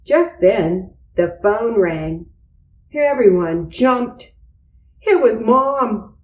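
A woman slowly reading a children's storybook aloud. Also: fairly high pitch, expressive, darkish tone, reverberant, lo-fi sound. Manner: slow, deliberate. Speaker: reader.

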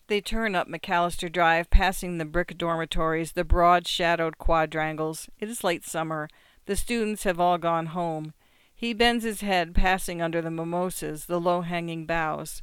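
A reader calmly narrating literary short stories in a measured storytelling manner. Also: mid-range voice, smooth, no room sound.

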